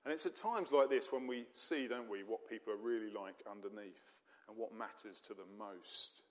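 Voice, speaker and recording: A man's voice: on the low side, moderate pace. A man preaching a sermon in a conversational way, with rhetorical questions and dry humour. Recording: long hall reverb.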